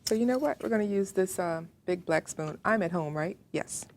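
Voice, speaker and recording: A woman's voice: lowish voice, normal speed, darkish tone, a little hiss or hum. A woman with a Southern American accent hosting a home cooking demonstration, chatting to the viewer as she works in her kitchen. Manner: chatty, talks to the viewer while working. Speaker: cooking show host.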